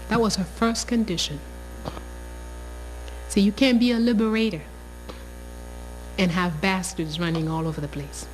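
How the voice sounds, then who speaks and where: A woman's voice: mid-range voice, fairly even intonation, moderate pace, pauses often, slight background noise, poor audio. A woman, telling a story with passion and emphasis. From Haiti. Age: 60s. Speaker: teacher. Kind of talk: storytelling interview.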